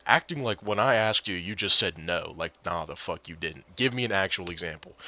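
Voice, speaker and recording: A man's voice: sits low, expressive, brisk, hardly any pauses, sharp tone, dry recording. A man telling a gaming story in a casual, exasperated rant, often swearing and replaying what others said. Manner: exasperated, profane, retells quotes.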